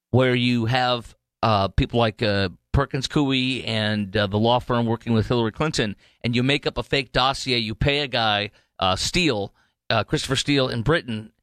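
A man's voice: mid-range voice, moderate pace, fairly bright tone, smooth, no room sound. A man hosting a political talk show, delivering a heated, rambling monologue full of restarts and fillers. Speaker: talk radio host.

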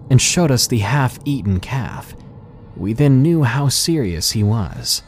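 A man reading out submitted scary stories as scripted horror narration, slow and measured. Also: medium pitch, a little mellow, husky.

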